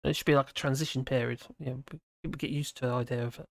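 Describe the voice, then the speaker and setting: Tired, gravelly-voiced man chatting. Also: medium pitch, fairly even intonation, racing, no echo, clean studio sound. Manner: rambling, with frequent restarts and fillers. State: tired, slurring his words. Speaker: livestream host reading viewer chat. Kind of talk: casual rambling chat.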